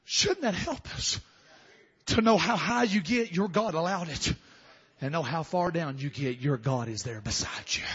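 Fervent preacher, shouting and murmuring. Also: male voice, a little high, expressive, normal speed, breathy edge, highs cut off. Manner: fervent, swings from soft to shouting. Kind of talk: sermon.

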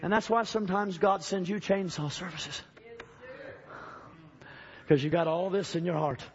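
A man preaching a sermon in a church, emphatic, swinging from shouting to low urging and calling out to the congregation. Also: fairly even intonation, normal speed, lo-fi sound.

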